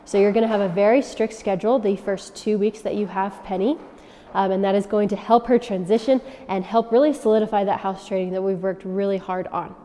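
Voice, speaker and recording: A woman dog trainer giving instructions to dog owners, often checking in with a quick "okay?". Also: mid-range voice, fairly even intonation, warm tone. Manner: coaching, checks in with frequent "okay?". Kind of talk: instructional demonstration. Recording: long reverb.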